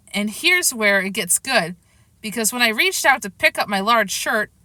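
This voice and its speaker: Woman reading a kids book out loud, lively and expressive, bright voice, dry close sound. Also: on the high side, no echo. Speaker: reader. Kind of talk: storybook narration.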